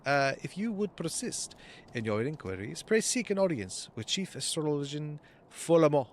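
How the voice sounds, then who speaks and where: A man's voice: on the high side, big pitch swings, moderate pace, slight background noise. A man voicing haughty in-game noblemen with a put-on French accent, reading their lines pompously. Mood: fussy. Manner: pompous, theatrical dialogue reading.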